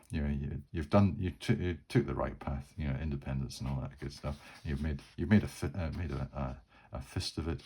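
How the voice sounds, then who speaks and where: A man's voice: extremely low pitch, darkish tone, breathy edge. A man hosting his channel, narrating a solo tabletop game in a casual, rambling way with many fillers and restarts.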